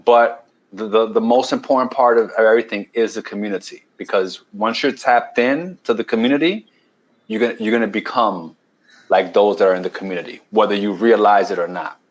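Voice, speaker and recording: On a low-quality recording, a New York-accented keto challenge coach with a voice on the low side speaks a little fast. He's a guest in a casual podcast conversation, explaining at length, restarting words and checking in often with "right?"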